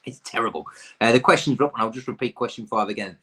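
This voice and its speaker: A man's voice: medium pitch, fast, fairly bright tone, husky. A man in his thirties from the UK, hosting a pub quiz with chatty, rambling, self-deprecating asides.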